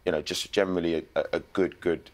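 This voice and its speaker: A man, an actor guest telling lively stories in a casual interview. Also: sits low, quick pace. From England. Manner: animated storytelling with slang.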